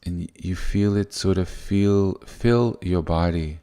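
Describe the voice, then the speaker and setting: A man giving soft-spoken, unhurried spiritual teaching, often restarting his sentences. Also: low-pitched, smooth.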